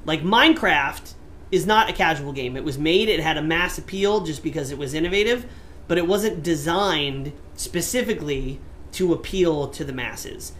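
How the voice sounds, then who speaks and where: A man's voice: fairly high pitch, normal speed, a bit bright, slight background noise. A man hosting a casual gaming podcast, asking playful, mock-dramatic questions. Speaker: podcast host.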